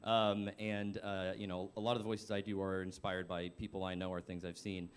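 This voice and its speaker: A man's voice: sits low, flat delivery, normal speed, clean tone. A man voice actor rambling through a casual panel answer, full of fillers and self-deprecating jokes. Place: café event panel.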